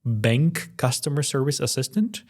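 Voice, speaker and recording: A man co-hosting a tech podcast who talks in a relaxed, easygoing way. He leaves fillers between his phrases. His voice sits at a medium pitch. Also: moderate pace. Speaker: podcast co-host, company co-founder. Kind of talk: casual demo chat.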